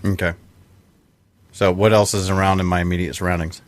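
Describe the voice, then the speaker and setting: A man describing his character's actions in a relaxed way while playing a tabletop game. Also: deep voice, brisk. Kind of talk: casual game chat.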